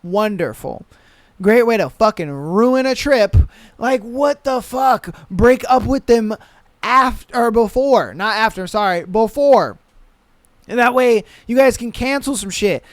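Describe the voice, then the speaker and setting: A man's voice: very high voice, lively intonation, unhurried, no room sound. A young man hosting a podcast, ranting in a casual, exasperated and profane way. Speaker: podcast host. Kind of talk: casual reaction rant.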